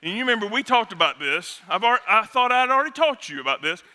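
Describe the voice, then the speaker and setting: Bright, high-voiced joking male preacher. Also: big pitch swings. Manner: joking, conversational preaching with quick asides. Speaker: pastor. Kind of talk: sermon.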